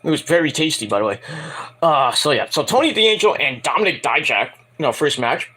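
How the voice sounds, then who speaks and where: A man rambling through a casual wrestling review, profane and opinionated. His voice is husky and sits a bit high for a man, and his pitch swings widely as he talks. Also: a little fast. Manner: animated, bursts into put-on voices.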